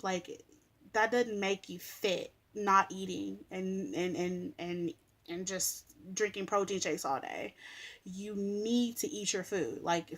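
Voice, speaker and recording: Woman vlogging, rambly, says like a lot, sleepy late night chat. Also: medium pitch. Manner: rambling, lots of "like" fillers. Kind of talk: casual chat to camera.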